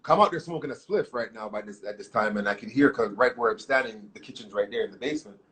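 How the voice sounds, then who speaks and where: A man telling his life story as an interview guest, in animated, profane street slang. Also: fairly low pitch, fast, slightly rough. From Canada. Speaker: guest artist.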